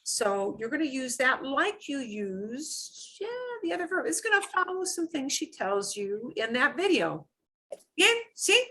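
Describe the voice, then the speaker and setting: A middle-aged woman talks a class through Spanish grammar at an unhurried, patient pace. Her voice is bright and clear, and she explains things step by step in a chatty way, full of small asides. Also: high-pitched, sing-song. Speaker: Spanish teacher.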